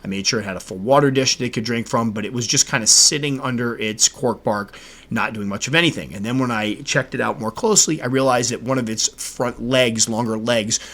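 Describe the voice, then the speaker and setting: A man hosting his own podcast and talking casually on his own. He tells stories with animated delivery and voices his own exasperated reactions. His voice sits in a middle pitch. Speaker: podcast host. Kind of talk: casual solo podcast talk.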